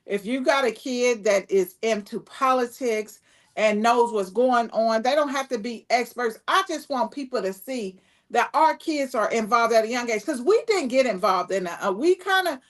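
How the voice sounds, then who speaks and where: A woman hosting a live talk show in casual chat, addressing viewers directly and chatting in a lively way. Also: a little high, normal speed. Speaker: show host.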